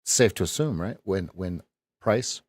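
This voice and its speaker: A man's voice: low-pitched, animated, unhurried, slightly rough, no room sound. A man coaching viewers through live trades on a stream, loose and joking, talking straight to his chat on a close mic. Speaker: trading coach. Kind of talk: live-stream trading commentary.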